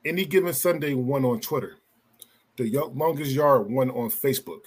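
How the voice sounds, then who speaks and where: Male podcast host, husky voice, casual delivery, announces results plainly. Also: mid-range voice, moderate pace. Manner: reads out vote results, laughs easily.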